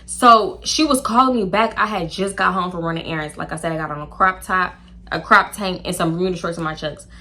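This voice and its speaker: A young woman telling a casual storytime, chatty and animated, acting out quoted dialogue with laughs. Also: fairly low pitch, a little fast. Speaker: storytime YouTuber.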